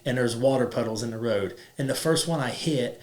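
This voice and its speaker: A man's voice: mid-range voice, a little fast. A man in his thirties hosting a podcast, talking casually and rambling with lots of "like" fillers. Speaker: podcast host. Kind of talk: casual chat.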